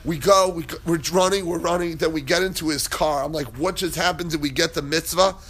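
Chatty, slightly high-voiced male Torah teacher. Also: steady tone, fairly quick, a bit bright. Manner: chatty, digressive, laughs while telling stories. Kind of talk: casual Torah class with storytelling.

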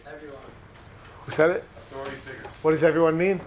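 A man's voice: a little high, steady tone, quick pace. A middle-aged man lecturing a live audience, telling personal stories, joking and putting questions to the listeners. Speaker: speaker addressing an audience.

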